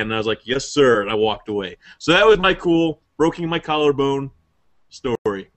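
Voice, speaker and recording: A man's voice: mid-range voice, expressive, moderate pace, fairly bright tone. Male podcast host, rambling profane storyteller, mid-range voice. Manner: rambling, profane, laughs at own stories. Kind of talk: casual storytelling.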